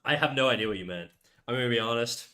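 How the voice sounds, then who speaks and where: A man's voice: medium pitch, fast, sharp tone. A young man chatting casually on a live stream, joking crudely and rambling with frequent restarts. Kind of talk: casual livestream chat. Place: home room.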